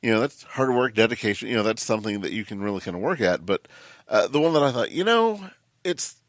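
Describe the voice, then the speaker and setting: A man's voice: mid-range voice, lively intonation, quick pace, no echo, studio quality. A man hosting a podcast in casual chat, telling stories in a rambling way with many fillers and restarts. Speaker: podcast host.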